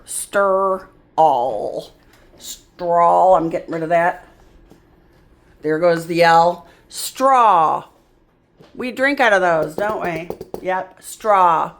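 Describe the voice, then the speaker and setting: Slow, patient woman tutor. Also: lowish voice. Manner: slow, patient, sounding out words. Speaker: reading tutor. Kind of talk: phonics lesson.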